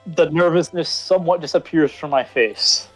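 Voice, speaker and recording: A man's voice: fairly high pitch, normal speed, faint music behind. A man playing a tabletop game, nervous and stumbling over his words. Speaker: player.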